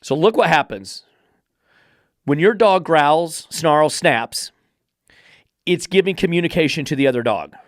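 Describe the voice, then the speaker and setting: Male podcast host, dog trainer. Fired-up, sarcastic rant, slightly high voice, dry sound. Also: expressive, a little slow, pauses often, no echo. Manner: swears freely.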